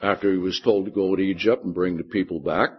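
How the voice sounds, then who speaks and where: Male pastor, husky voice, patient verse-by-verse Bible teacher, dull lo-fi sermon tape. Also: low voice, fairly even intonation, fast talker. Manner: explains scripture verse by verse, often checks in with "Okay?".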